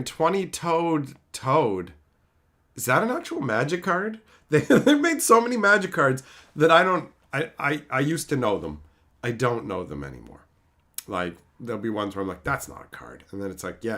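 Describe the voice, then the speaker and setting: A man hosting a live stream, reading viewers' names and chatting casually, swearing freely. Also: medium pitch. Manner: animated, reads chat names aloud, swears freely.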